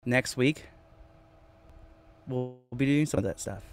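A man chatting casually on a livestream from inside his van, reading viewers' comments aloud, talking to them by name and repeating himself with lively energy. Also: medium pitch, takes it slowly, soft background music. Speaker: vlogger reading live chat.

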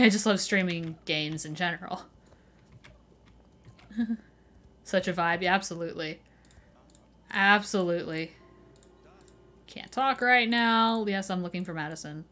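A woman's voice: fairly low pitch, moderate pace, long pauses, a bit bright. A young adult woman chatting casually with her viewers while live-streaming a game, laughing often as she greets and answers the chat.

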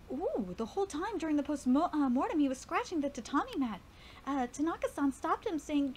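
A woman streamer reading a manga aloud on a live reaction stream, excitable, swearing casually and stumbling over words. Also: high-pitched, brisk, slight background noise.

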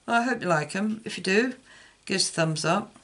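A man's voice: high-pitched, animated, a little fast, sharp tone. A man hosting his own craft channel, chatting loosely while making a card and sometimes losing his train of thought. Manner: chatty, rambling, loses track mid-thought. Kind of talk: casual card-making demonstration.

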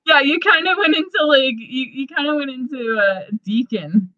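A woman's voice: high-pitched, normal speed, sharp tone, no echo. A woman co-hosting a podcast in casual chat, who swears often and laughs easily. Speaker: podcast co-host. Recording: dull lo-fi podcast mic.

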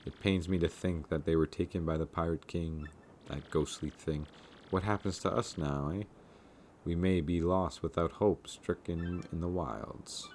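A man voicing a vain, theatrical male merchant from a video game, with a grandiose, drawn-out lordly delivery. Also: low-pitched, darkish tone, slight background noise. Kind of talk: reading game dialogue aloud.

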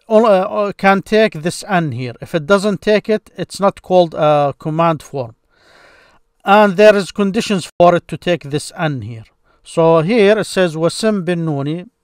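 A man's voice: high-pitched, no room sound, clean studio sound. A man teaching a grammar lesson, explaining each step patiently with occasional restarts.

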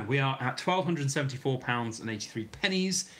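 A man's voice: mid-range voice, lively intonation, normal speed, a bit bright. A British man hosting a long live stream, reading out viewer comments and answering them in a rambling, chatty way, his voice getting a bit worn. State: starting to lose his voice. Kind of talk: casual live stream chat.

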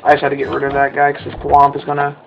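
A young man giving excited commentary over his gameplay, often jumping up into high yelps. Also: rapid-fire, vocal fry, lo-fi sound, faint music behind. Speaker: let's play gamer.

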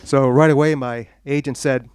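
At a medium pitch and moderate pace, a man from the United States, an author, entertains a bookstore audience with funny stories. He performs the quoted voices of his characters with animation and pokes fun at himself.

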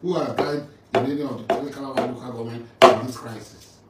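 A man's voice: medium pitch, fairly even intonation, fairly quick. Taunting Nigerian man, distant roomy sound. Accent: Nigerian English. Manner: taunting, confrontational, mocking. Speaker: militant leader addressing a rival. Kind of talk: angry video rant. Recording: roomy, distant mic with faint ambient noise.

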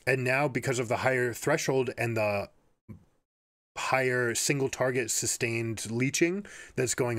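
A man's voice: medium pitch, a bit bright, no room sound. A man with a mid-range voice breaks down esports play and slips into coaching advice as he goes. He talks with energy and often repeats words while he works out a point. The recording is dry and close, with almost no room sound. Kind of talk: game analysis with coaching advice.

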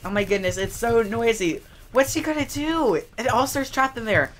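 A man's voice: very high-pitched, lively intonation, moderate pace, fairly bright tone. A man hosting a game video, chatting and thinking aloud, often exclaiming in surprise. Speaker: let's play host. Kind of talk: gameplay commentary.

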